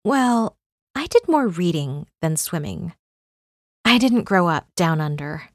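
A woman's voice: on the low side, sing-song, slow pace, dry recording, exaggerated voice. A woman reading an audiobook and voicing a bookish young newcomer who answers in a dry, slightly exasperated way. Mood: wry.

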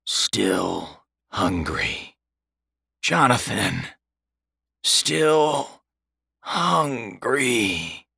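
A man voicing a hungry chorus of vengeful storm spirits in a hollow, drawn-out, menacing whisper. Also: fairly low pitch, big pitch swings, gravelly, pushed and bright, breathy edge, no echo, studio quality, exaggerated voice.

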